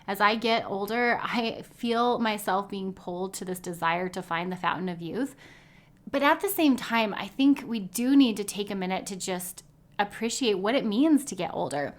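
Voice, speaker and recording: A woman in her thirties, a dietitian who hosts her own podcast, speaks at medium pitch and normal speed. Her casual monologue is upbeat and chatty, and she laughs easily.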